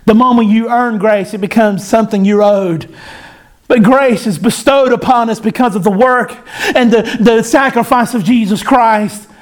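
A man's voice: sits high, moderate pace. A man preaching a sermon, in an impassioned cadence that rises and falls.

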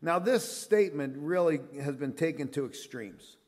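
A man's voice: on the high side, animated, moderate pace, darkish tone. A middle-aged male pastor preaching a sermon in an earnest, conversational way, with frequent fillers and restarts.

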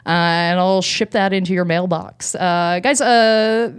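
A woman comedian co-hosting a podcast, telling a story in a casual, animated way, swearing freely and laughing often. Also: lowish voice, unhurried, clear, resonant tone.

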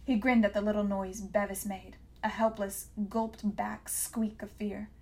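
A woman's voice: mid-range voice, little pitch movement, unhurried, darkish tone. Woman reading a novel aloud. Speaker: audiobook reader. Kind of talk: scripted narration.

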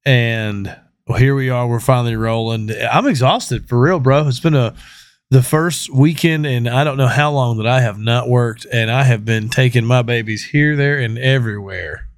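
A man's voice: medium pitch, moderate pace, no echo, clean studio sound. A man hosting a podcast in casual chat, joking and swearing freely. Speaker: podcast host.

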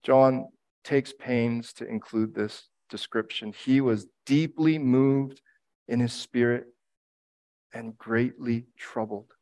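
A middle-aged man preaching a sermon in an earnest, reflective way, grieving the recent death of his father and repeating key phrases for emphasis. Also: medium pitch. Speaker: pastor.

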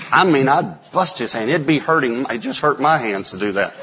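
A man in his forties, a pastor preaching a sermon, telling stories and acting out quotes with sudden loud bursts. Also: mid-range voice, lively intonation, normal speed, few pauses, background noise. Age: 40s.

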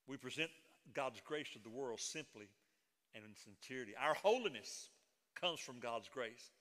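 A man's voice: mid-range voice, lively intonation, normal speed, a bit bright, in a large hall. A middle-aged man preaching a sermon as a pastor, moving between folksy stories and emphatic proclamation.

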